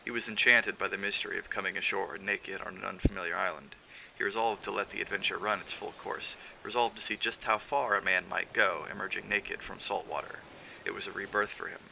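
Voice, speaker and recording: A man reading a novel aloud on a stream, in a measured, steady narration with the odd filler. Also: deep voice, gravelly, a little hiss or hum, poor audio. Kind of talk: audiobook narration.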